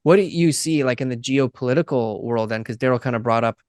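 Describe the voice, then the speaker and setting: A man's voice: mid-range voice, fast, a little mellow, dry recording, studio quality. A man co-hosting a casual podcast, asking questions in a hesitant way with many fillers. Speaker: podcast co-host.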